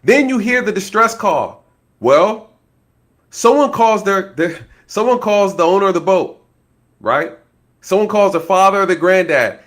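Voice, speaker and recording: Animated man in casual crime commentary. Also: sits high, a little slow, long pauses. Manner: animated, laughs often, keeps addressing viewers; speculative, acts out scenarios. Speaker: online commentator, former law enforcement.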